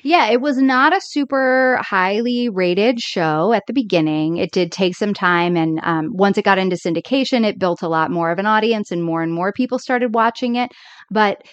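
A woman's voice: medium pitch, moderate pace, smooth, no echo, highs cut off. A woman co-hosting a podcast, chatting with enthusiasm about sitcoms and using many fillers. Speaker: podcast co-host. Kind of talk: casual chat about sitcoms.

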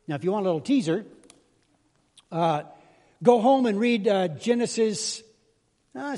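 A man's voice: high voice, very animated, unhurried, long pauses, a little mellow. An older man preaching as a pastor, chatty and self-deprecating, telling folksy jokes in a sermon. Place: church sanctuary. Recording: reverberant church hall.

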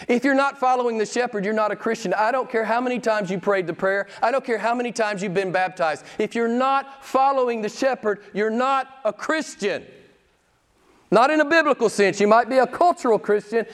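A man preaching a sermon as pastor, emphatic and pressing questions on his listeners, with sudden excited rises. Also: very high-pitched, fairly quick. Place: church.

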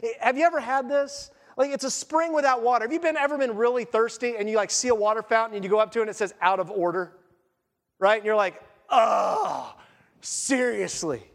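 A male pastor preaching a sermon in an animated, conversational way, firing off rhetorical questions and acting out the story. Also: very high-pitched, racing, hardly any pauses. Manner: acts out story voices. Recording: long reverb in a church hall.

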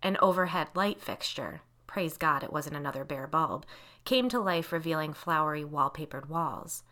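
A woman reading a first-person novel aloud as an audiobook narrator, in measured storytelling. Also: sits low, lively intonation, pushed and bright.

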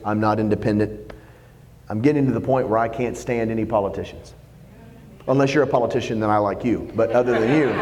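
A man preaching a sermon, animated and jokey, acting out quotes as he goes. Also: medium pitch, in a large hall. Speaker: pastor.

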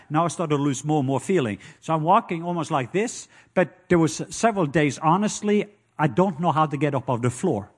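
A man with a Norwegian accent preaching a sermon, telling stories and joking with the congregation. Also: fairly high pitch. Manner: storytelling, playful asides to the congregation.

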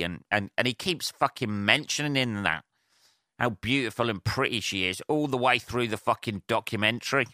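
A man on his own podcast, ranting in a loose, swear-heavy ramble full of restarts. His voice is lowish, bright and crisp, recorded dry and close on a handheld recorder. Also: normal speed, no echo. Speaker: podcast host. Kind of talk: casual solo rant. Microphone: handheld portable recorder.

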